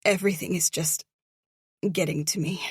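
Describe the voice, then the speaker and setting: A woman's voice: fairly low pitch, fairly even intonation, normal speed, husky, no echo, clean studio sound. A woman voicing a guilt-ridden young actress who sounds strained and fragile on a phone call.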